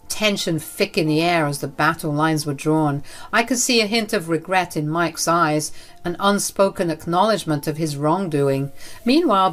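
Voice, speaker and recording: A woman narrating a first-person drama story in an earnest, dramatic manner. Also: on the low side.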